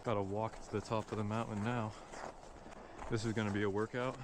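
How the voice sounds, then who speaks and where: A man's voice: lowish voice, level tone, fairly quick. A young man casually vlogging outdoors on a snowy mountain, grumbling and swearing as he hikes uphill, recorded on a body-worn camera. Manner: grumbling, swears, talking while hiking uphill. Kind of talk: casual vlog commentary. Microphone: body-worn action camera. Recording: wind noise outdoors.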